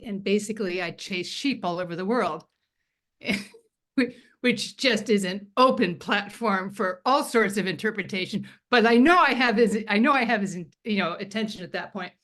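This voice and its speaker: A woman, a magazine founder, tells a self-deprecating story in a casual interview over a video call. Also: on the low side. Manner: chatty, self-deprecating anecdotes with laughs.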